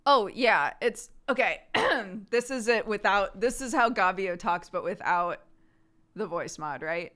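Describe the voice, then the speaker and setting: Lively, laughing woman streamer. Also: medium pitch, unhurried. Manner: laughing, animated chat. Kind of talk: casual chat.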